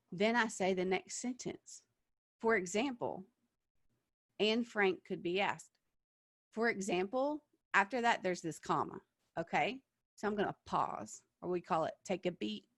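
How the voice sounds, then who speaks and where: A woman with a fairly low voice leads an acting workshop in a lively, animated way. She keeps checking in with her listeners as she teaches. The sound is close and dry. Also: moderate pace, no room sound. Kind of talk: online teaching talk.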